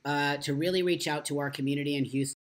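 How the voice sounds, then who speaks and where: A man's voice: on the high side, steady tone, quick pace, slight background noise. A man hosting a casual morning live stream, talking with passion, swearing freely and answering viewer comments. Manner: reads viewer comments aloud.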